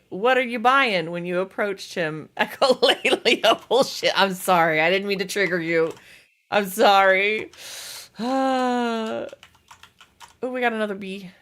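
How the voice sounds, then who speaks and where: A young woman chatting casually while livestreaming a game, self-deprecating and quick to laugh. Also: mid-range voice, fairly bright tone, clear, resonant tone. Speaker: streamer. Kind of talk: casual gaming livestream chat.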